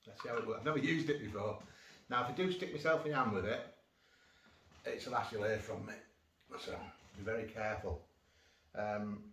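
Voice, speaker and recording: A man's voice: medium pitch, fairly bright tone. A man chatting through a casual food vlog, rambling with jokey asides, recorded on a phone without an external mic. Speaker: food vlogger. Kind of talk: casual cheese-tasting vlog. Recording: roomy, distant phone mic, faint noise.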